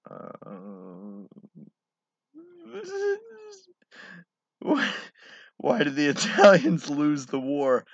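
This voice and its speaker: A man's voice: medium pitch, animated, slow pace, few pauses, dry recording. A man casually reading jokes aloud, giggling and swearing between them. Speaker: joke reader. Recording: dull, lo-fi home recording.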